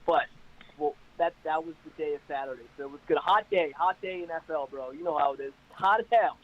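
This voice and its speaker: A man with a high voice tells stories with plenty of energy and pushes each punchline hard. His voice comes over a video call, and the audio sounds muffled and lo-fi. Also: fairly quick, slight background noise. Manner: energetic, hyped-up storyteller. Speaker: caller guest. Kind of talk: casual chat on a video call. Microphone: internet call.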